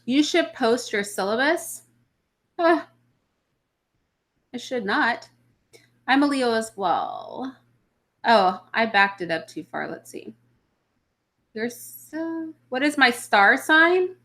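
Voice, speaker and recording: A woman's voice: fairly high pitch, huge pitch swings, slow, pauses often, a bit bright. A woman hosting a casual live chat, a mother answering viewer comments in a blunt, opinionated way. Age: adult mother of children. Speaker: livestream host answering chat.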